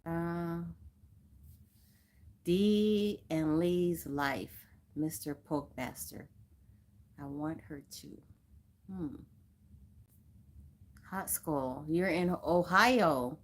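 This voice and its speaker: Woman, livestream host, low-ish voice, unhurried casual chat, laughs often. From Southern California. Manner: chatty, greets viewers by name, laughs often.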